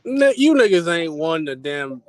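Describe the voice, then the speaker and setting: Man, teasing, slangy, laid-back, comedic banter, somewhat higher pitch. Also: sing-song, measured pace, dry recording.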